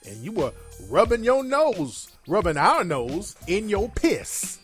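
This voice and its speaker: A man's voice: sits high, big pitch swings, slow, soft background music. A man giving a heated, profane and mocking reaction commentary on video clips.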